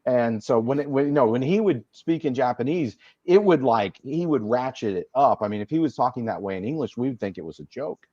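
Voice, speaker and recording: A man's voice: medium pitch, lively intonation, fairly quick, few pauses, a little mellow, dry recording. Laid back guy chuckling thru a story, muffled lo-fi mic, dry. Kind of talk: casual chat. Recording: dull, dry lo-fi audio.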